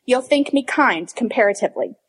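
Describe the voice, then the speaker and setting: A woman's voice: on the high side, animated, brisk, slightly rough. Woman reading as a cruel sneering young wizard. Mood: menacing. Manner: harsh, insulting.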